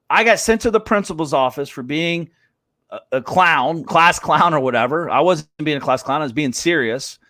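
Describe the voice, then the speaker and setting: Blunt fired-up man, high voice. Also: lively intonation, moderate pace, pushed and bright, no room sound, studio quality. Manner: blunt, swearing, acts out quoted voices. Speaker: host of a live business show. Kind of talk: fired-up motivational rant.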